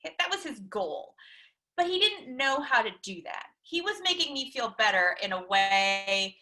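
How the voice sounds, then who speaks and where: A woman speaks with a crisp, bright tone and a slightly high pitch, leading a counseling webinar. She explains ideas through everyday personal examples, pausing often with "um" as she thinks. It sounds like an online talk over shared slides. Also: big pitch swings, low-quality recording. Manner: personal examples, frequent "um" pauses. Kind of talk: conversational webinar lecture.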